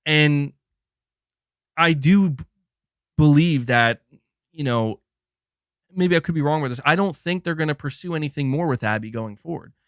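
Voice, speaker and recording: A man hosting a gaming livestream, talking in a casual, animated and profane rant, often restarting his sentences and answering chat. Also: on the high side, moderate pace, long pauses, no room sound, clean studio sound. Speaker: livestream host.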